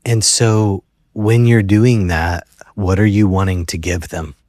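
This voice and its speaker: A man hosting a counseling conversation, speaking gently and reflectively and thinking aloud by rephrasing his points. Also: sits low, fairly even intonation, unhurried, dry recording, clean studio sound. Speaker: host, therapist.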